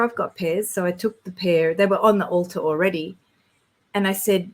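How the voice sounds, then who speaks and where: A woman with a fairly low voice tells her stories in a relaxed, rambling way. She sounds earnest and gets excited easily, and her sentences often restart mid-thought. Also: normal speed, low-quality recording. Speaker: guest sharing spiritual experiences. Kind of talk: casual conversation.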